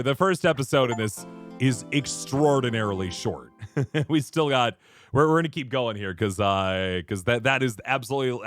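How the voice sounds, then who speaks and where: A man streaming a game, chatting casually in an animated, laughing way and acting out little voices. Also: mid-range voice, no room sound, studio quality. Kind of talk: casual gaming chat.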